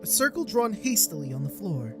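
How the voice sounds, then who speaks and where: A man voicing a serious, determined young male doctor in a horror game, reading in a measured, earnest way. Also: sits high, very animated. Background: game music.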